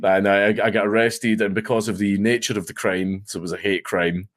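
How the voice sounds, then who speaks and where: A man's voice: fairly low pitch, fairly even intonation, a little fast. A Scottish man telling a story as a guest on a podcast, rambling, swearing freely and laughing often. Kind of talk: casual storytelling chat.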